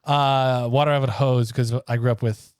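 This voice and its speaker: A man's voice: medium pitch, steady tone, normal speed, clear, resonant tone, no room sound, studio quality. A man co-hosting a podcast, joking in casual banter and laughing often. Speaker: podcast co-host.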